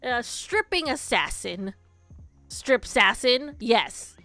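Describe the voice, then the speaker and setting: A woman's voice: a little high, sing-song, slow pace, pushed and bright. A young woman streamer chatting casually with her live chat, telling a story and giggling often. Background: faint background music.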